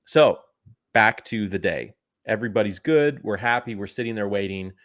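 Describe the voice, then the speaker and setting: A man in his forties, a podcast co-host and father, telling a story in an animated, exasperated way. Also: fairly low pitch. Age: 40s. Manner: animated, exasperated storyteller, talks fast in bursts. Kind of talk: casual storytelling chat.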